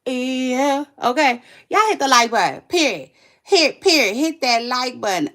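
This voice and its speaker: A woman hosting her own vlog, chatting casually to viewers about celebrity gossip in front of a camera, sassy and animated, repeating her lines for emphasis. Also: sits high, takes it slowly. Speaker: vlog host. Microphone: camera mic.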